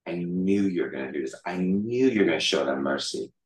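A man's voice: low-pitched, animated, normal speed, pitched below the performer's own voice. A male preacher voicing the prophet Jonah as an angry, whiny complainer, heard in an echoey room from a distant mic. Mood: complaining.

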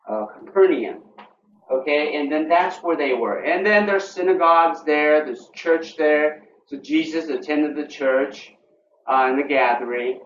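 A man teaching a Bible passage to a small church group in an unhurried way, stopping often for fillers and restarts. He sounds distant from the mic in an echoey room, and the recording is dull with faint noise behind him. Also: a little high, a bit bright. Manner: halting, many fillers and restarts, asks the group questions. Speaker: pastor.

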